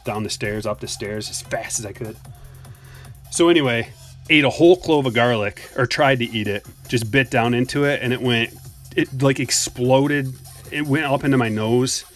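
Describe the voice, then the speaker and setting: A card break streamer chats casually on a live stream while opening trading card packs, joking and reading his chat aloud to answer it. He is a little out of breath, with a mid-range voice at normal speed and faint music behind him.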